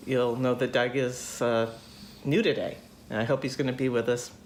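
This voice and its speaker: Older lady chatting away as host, low pitched, acts out little voices in her stories, bit of hiss. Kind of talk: casual chat.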